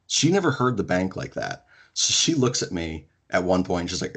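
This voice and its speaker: A young man with a deep, husky voice hosts a casual sports podcast. He talks with excited emphasis and drops the odd swear word as he goes. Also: a little fast, few pauses. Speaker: podcast host.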